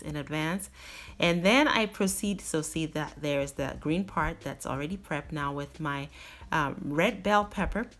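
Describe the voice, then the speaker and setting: A woman's voice: low-pitched, a bit bright. A woman hosting a cooking video, explaining each step of a recipe in an instructive way and stressing key words. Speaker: cooking channel host.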